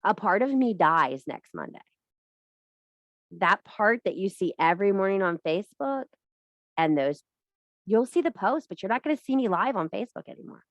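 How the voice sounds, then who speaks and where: A woman's voice: mid-range voice, lively intonation, moderate pace, no room sound. Blunt, swearing woman giving a spiritual talk. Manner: blunt and profane, emphatic repetition. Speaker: witchcraft teacher and live streamer. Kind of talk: casual spiritual pep talk.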